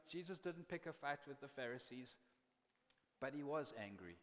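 Man preaching, slightly high voice, conversational, impassioned, repeats words, long hall echo. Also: animated, moderate pace. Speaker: pastor. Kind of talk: sermon. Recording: long reverb of a large hall.

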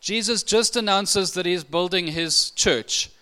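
A man preaching a sermon, expressive and emphatic, his voice lifting when he quotes scripture. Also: high-pitched, measured pace, smooth.

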